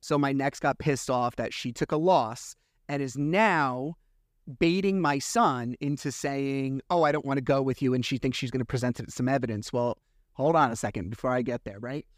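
A man's voice: medium pitch, normal speed, dry recording, studio quality. A man hosting his own podcast, telling a story in a casual monologue, acting out the dialogue as he vents his frustration. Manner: animated storytelling, acts out dialogue; frustrated, venting. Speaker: podcast host.

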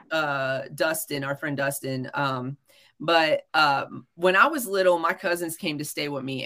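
A woman's voice: lowish voice, fairly bright tone. A young woman telling a story in a casual podcast chat, blunt and full of profanity. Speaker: podcast co-host.

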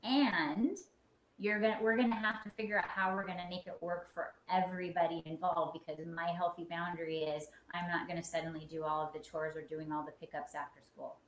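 A woman therapist calmly explaining relationship boundaries in a conversation, often checking that she is understood. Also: lowish voice, a little fast. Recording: echoey room with faint noise.

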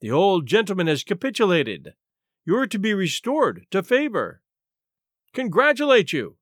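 Man putting on an eager high gentleman in an opera hat, storybook reading, dry close sound, lively swinging pitch. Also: brisk, no echo. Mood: excited. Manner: eager, pleading.

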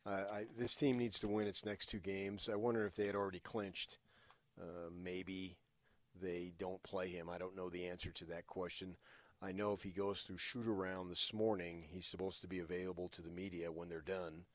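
A man's voice: low voice, flat delivery, moderate pace, no echo. A man hosting a sports radio show, giving emphatic, opinionated takes in casual talk with frequent "uh" fillers.

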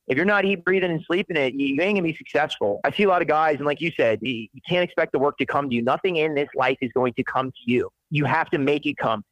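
A man's voice: a little high, fast, hardly any pauses, a bit bright, no room sound, dull audio. A man who runs a welding business, talking bluntly and profanely in a motivational way on a casual podcast interview. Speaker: independent welder and business owner.

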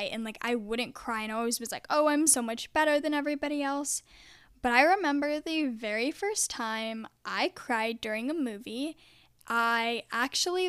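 A woman's voice: a little high, a bit bright, smooth, no room sound, studio quality. A young woman vlogger telling a personal story in a casual, chatty way, filling her sentences with "like". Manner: chatty, heavy use of "like".

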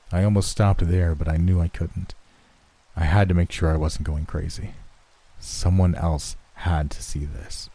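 A man reading a first-person horror story in a measured, dramatic storytelling manner. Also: low voice, level tone, warm tone. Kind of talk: scripted horror narration.

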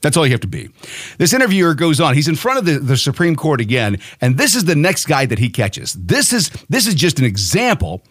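A man's voice: a little high, big pitch swings, brisk, fairly bright tone, no echo, clean studio sound. Profane, mocking male podcast host. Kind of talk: opinion podcast rant.

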